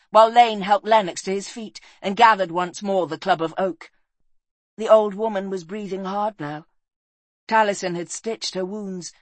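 Lady reading a fantasy book out loud, dramatic, dry close sound. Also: no echo. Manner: expressive, drops low and soft for sad passages. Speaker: narrator. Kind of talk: dramatic storybook narration.

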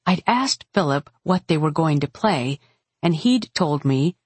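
A woman narrating a first-person fantasy audiobook in a steady, wry manner. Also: low voice, a little slow, slightly rough, no room sound.

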